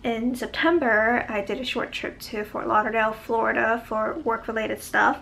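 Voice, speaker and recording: A woman's voice: on the high side, fairly even intonation, moderate pace, creaky, fairly bright tone, a little hiss or hum. A young woman vlogging a casual life update, a bit short of breath and chatty, with lots of fillers.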